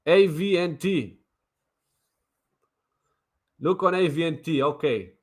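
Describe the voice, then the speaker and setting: A man's voice: a little high, slow pace. A man streaming crypto trading commentary in a brash, mocking way, swearing and repeating himself. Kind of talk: casual livestream commentary.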